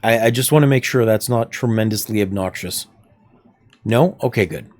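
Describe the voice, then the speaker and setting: A man streams a video game from a room at home near the plumbing, chatting casually, rambling and laughing often into a desk microphone. His voice is fairly low and darkish at a normal speed, with soft background music.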